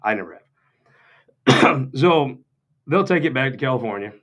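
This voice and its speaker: A man's voice: medium pitch, animated, moderate pace, fairly bright tone, slight background noise. A man from Missouri giving off-the-cuff, joking political remarks to a gathering, sardonic and rambling with mocking asides. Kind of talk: off-the-cuff humorous political talk.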